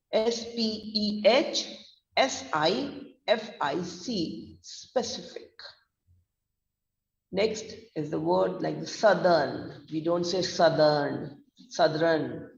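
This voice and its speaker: Gujarati-accented man spelling words out slowly. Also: high voice, creaky. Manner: spells words letter by letter, repeats each word slowly. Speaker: pronunciation trainer. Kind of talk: online pronunciation lesson. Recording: distant, echoey, dull lo-fi room sound.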